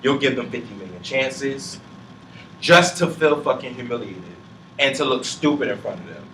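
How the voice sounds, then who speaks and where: A man's voice: mid-range voice, lively intonation, moderate pace, a bit bright. A young man talking in a group chat, blunt and impassioned, swearing freely. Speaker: panelist. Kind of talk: emotional casual chat. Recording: roomy sound from a distant mic with faint noise.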